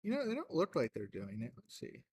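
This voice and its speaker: A man livestreaming a game from home, talking in a loose, wandering way. He fills gaps with "uh" and "like" and laughs easily. His voice sits at an ordinary middle pitch. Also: huge pitch swings, brisk, breathy edge, no echo. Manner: rambling and chatty, laughs often, many fillers. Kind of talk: casual game-stream chat.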